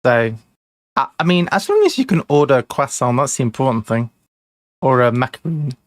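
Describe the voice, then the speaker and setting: A man's voice: medium pitch, animated, moderate pace, no echo. A man streaming a board game live, chatting casually, rambling and laughing at his own mistakes. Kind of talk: casual live-stream chat while playing.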